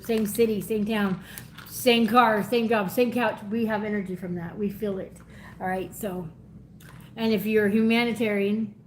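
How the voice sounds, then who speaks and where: A woman giving a live energy reading in a chatty, effusive way, laughing often and going soft and teary when moved. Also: mid-range voice, a little hiss or hum. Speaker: tarot reader.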